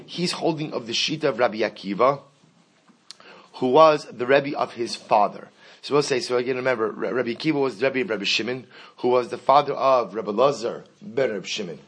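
A man's voice: mid-range voice, fairly quick, slightly rough. A man teaching a Talmud lesson, switching between Hebrew and English, repeating key phrases and asking rhetorical questions.

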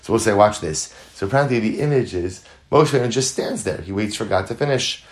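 A man teaching a Talmud class. He speaks earnestly, repeats phrases for emphasis, mixes in Hebrew and Yiddish terms, and builds to lively, louder stretches. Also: fairly low pitch, quick pace. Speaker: Torah teacher.

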